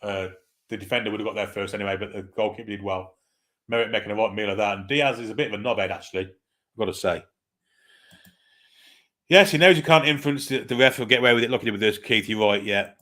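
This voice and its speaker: A man's voice: fairly low pitch, fast talker, pushed and bright. A man hosting a live football watchalong, giving casual play-by-play, swearing freely and reading out viewer comments. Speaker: host of a football watchalong stream.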